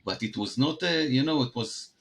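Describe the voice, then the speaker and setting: A man's voice: mid-range voice, animated, fairly bright tone. A man from Israel with an Israeli accent, a guest entrepreneur telling stories in an interview, often restarting his sentences. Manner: halting, many restarts and fillers. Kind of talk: conversational interview.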